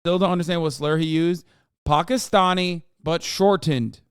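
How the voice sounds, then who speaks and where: A man's voice: fairly high pitch, moderate pace, clear, resonant tone, no echo, clean studio sound. A man hosting a live stream, reacting to clips with sarcastic, sweary commentary. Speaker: streamer host.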